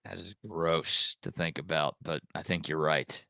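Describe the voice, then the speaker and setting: A man's voice: extremely low pitch, fairly even intonation, measured pace, vocal fry, pushed and bright, no room sound. Dry-teasing male sports radio host. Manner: dry teasing, steers the segments. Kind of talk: casual chat and show hosting.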